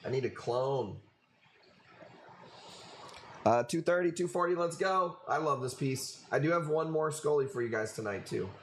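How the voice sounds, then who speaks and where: A man's voice: a little high, normal speed, pauses often, a little hiss or hum. A man hosting a live coral auction stream, bantering loosely and profanely with viewers and calling out bids.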